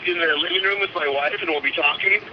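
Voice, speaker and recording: A man calling a radio show who talks very loudly and keeps escalating. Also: on the high side, quick pace. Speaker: caller. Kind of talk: phone-in call. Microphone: telephone. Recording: dull phone line with hiss.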